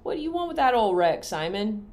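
A woman voicing a fussy middle-aged farm aunt, high and drawn out when she speaks. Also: very animated, fairly quick, a little mellow, close to an everyday voice. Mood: plaintive.

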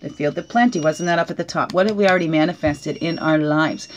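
A woman's voice: sits low, fast, a little hiss or hum. A woman at home, talking through a weekly oracle card reading in a casual, musing way. She keeps asking questions and checking in with "right?", and she teases herself lightly along the way. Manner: reflective, asks many questions, often adds "right?"; gently joking, laughs at herself.

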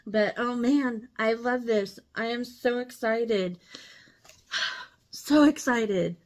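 A woman's voice: on the high side, fairly even intonation, slow pace. A woman hosting a casual unboxing vlog, gushing and emotional, teary and laughing often as she talks. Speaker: channel host.

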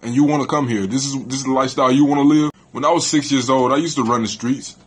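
A man's voice: mid-range voice, fairly even intonation, fast talker, husky, voice pushed down, lightly acted. A man playing a boastful young inmate who preaches to youths in a comedy skit, with exaggerated tough talk. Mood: lecturing.

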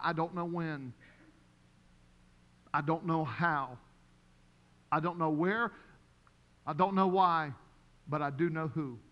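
A man preaching as pastor, emphatic and repetitive, his voice rising to shouts. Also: sits high, big-room sound, lo-fi sound. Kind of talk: sermon.

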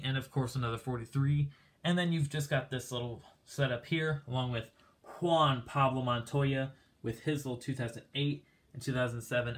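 A man casually walking through his diecast car collection, rambling with lots of fillers and a bit out of breath. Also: mid-range voice.

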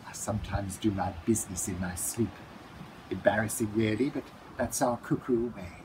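A man's voice: fairly low pitch, normal speed, background noise, lightly acted. A man voicing a polite, weary male cuckoo bird in a storybook reading, with a courteous, genteel and sleepy manner.

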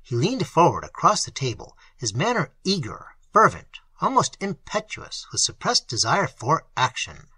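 A hoarse reader narrates an audiobook with expressive, dramatic delivery, the husky yet bright voice swinging widely in pitch. The pace is moderate with few pauses. The low-quality recording is dry and close to the mic, with no echo.

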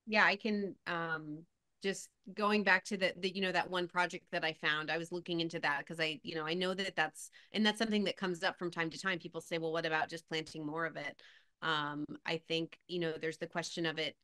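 A woman's voice: fairly low pitch, fairly even intonation, brisk, pushed and bright, dry recording, studio quality. A woman presenter answering a question in a webinar over a video call, thinking aloud with many "you know" fillers.

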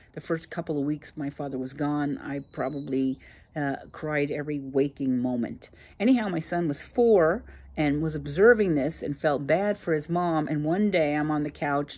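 A woman's voice: deep voice, darkish tone. A woman in her sixties, hosting her own channel, telling a personal story in a plainspoken, reflective way with frequent fillers. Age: 60s. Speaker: channel host.

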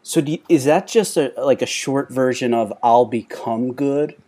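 A man's voice: medium pitch, normal speed, mellow. A man hosting an interview, asking easygoing, hesitant questions with lots of fillers. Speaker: host.

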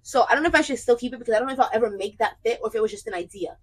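A woman's voice: fairly high pitch, rapid-fire, low-quality recording. A young woman chatting casually and playfully in a clothing try-on vlog, with joking asides. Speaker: vlogger.

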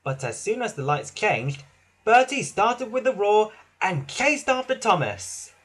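A man narrates a children's storybook in a high, bright voice. His delivery swoops with sing-song expression, and the tone has a slight husky grain. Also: very animated, unhurried.

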